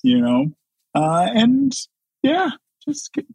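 A man's voice: very high-pitched, huge pitch swings, slow, darkish tone, slightly rough. A man, a guest on a podcast, chatting in an easygoing way and laughing along. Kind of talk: casual interview chat.

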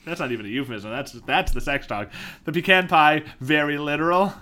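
A man with a bright, forward voice chats casually as a podcast co-host. He recaps a TV episode with lively indignation, swearing now and then. He slips into quick mocking impressions of the characters. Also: fairly high pitch. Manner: animated, swears, puts on voices to mock characters.

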